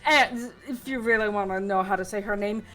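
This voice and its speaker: A woman's voice: medium pitch, brisk, a bit bright, faint music behind, rough recording. An older woman chatting casually while gaming with her son, chatty and teasing. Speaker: guest player.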